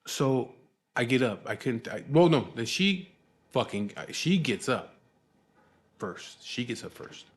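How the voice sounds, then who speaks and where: A man's voice: mid-range voice, expressive, slow, long pauses. A man telling a long story in a casual, rambling way, swearing often and sounding exasperated.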